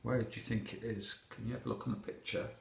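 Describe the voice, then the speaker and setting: A man reading a picture book aloud to children, animated and asking the listener questions. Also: on the low side, quick pace, creaky, roomy sound, slight background noise. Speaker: storyteller.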